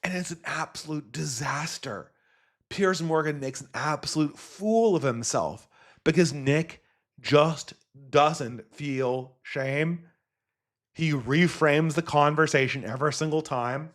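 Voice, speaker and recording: A man's voice: on the high side, slow pace, fairly bright tone. A man hosting a solo commentary podcast, talking casually in a rambling, digressive way and swearing now and then. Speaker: podcast host.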